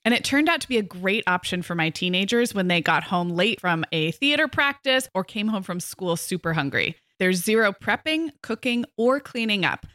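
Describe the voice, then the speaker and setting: A woman in her forties co-hosts a parenting podcast with a bright, forward tone. She talks in an upbeat, conversational way. The sound is dry and close. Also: mid-range voice, expressive, normal speed, few pauses, no echo. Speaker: podcast co-host. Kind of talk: casual chat and ad reads.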